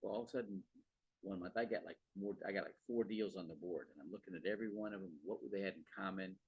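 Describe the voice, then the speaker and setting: A low-pitched, husky man talks fast while hosting a podcast about sales, recorded dry and dull with a lo-fi quality and no room sound. He rambles casually, repeats words, and checks in with "okay" and "right".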